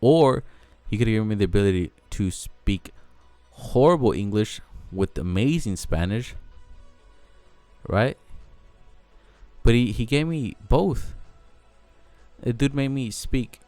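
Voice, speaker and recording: A man's voice: mid-range voice, lively intonation, measured pace, long pauses, darkish tone, no room sound, faint music behind. A young man with a Mexican American accent, rambling casually in a vlog, interrupting himself and swearing now and then. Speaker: vlogger.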